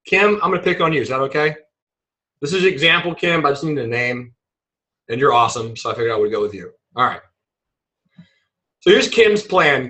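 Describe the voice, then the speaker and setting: Bright-voiced man teaching trading. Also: a little high, rough recording. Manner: animated, playful, acts out examples. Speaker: trading instructor. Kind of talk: webinar teaching.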